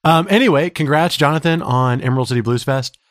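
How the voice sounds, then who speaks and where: A man's voice: fairly high pitch, fairly quick, dry recording, clean studio sound. A man co-hosting a podcast in casual, joking talk, his throat slightly scratchy. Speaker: podcast co-host.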